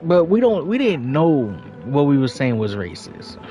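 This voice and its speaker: A man's voice: a little high, big pitch swings, measured pace, mellow, faint music behind. New man, profane casual storytelling. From New York. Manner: loose, profane, chuckling storyteller. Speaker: livestreamer. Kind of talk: casual storytelling while gaming.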